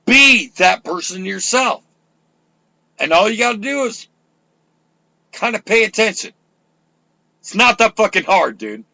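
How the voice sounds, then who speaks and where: An older man rants on his own radio show, loud and full of profanity. His voice is gravelly and bright, set a little high for a man, and it swings widely in pitch. The sound is close and dry. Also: very animated, measured pace, long pauses, dry recording. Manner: loud, profane, fiery ranting. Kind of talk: ranting talk radio.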